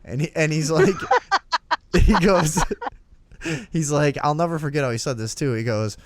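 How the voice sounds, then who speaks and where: A man's voice: a little high, moderate pace, long pauses, no room sound. A young man hosting a casual talk show, telling a long anecdote with lots of swearing and laughter, acting out the voices in it. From Downers Grove, Illinois area. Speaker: podcast host. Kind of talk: casual storytelling chat.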